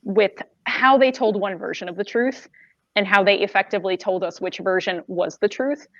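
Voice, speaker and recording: A woman on a casual panel podcast, expressive, talking at length with asides. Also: medium pitch, normal speed, no room sound, highs cut off. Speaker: podcast host.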